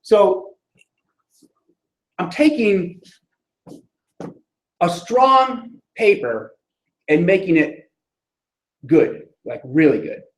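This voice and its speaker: High-voiced man lecturing in an echoey room. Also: sing-song, drawn-out words, long pauses. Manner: conversational, frequent "right?" check-ins. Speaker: writing instructor. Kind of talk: classroom lecture on sentence structure.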